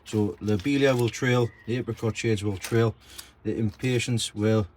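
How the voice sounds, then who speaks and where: A man's voice: fairly low pitch, steady tone, normal speed, a little mellow, a little hiss or hum. A man vlogging casually about gardening and plants in his garden, chatty and self-deprecating. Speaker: allotment vlogger. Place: garden and allotment outdoors.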